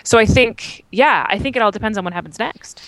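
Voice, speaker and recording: A woman in her thirties co-hosts a podcast, talking casually and thinking out loud with plenty of fillers. Her voice is mid-pitched and sounds close and dry, with no room around it. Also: animated, fairly quick, no room sound, poor audio. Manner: chatty, thinking aloud with fillers. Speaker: podcast co-host. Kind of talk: casual chat.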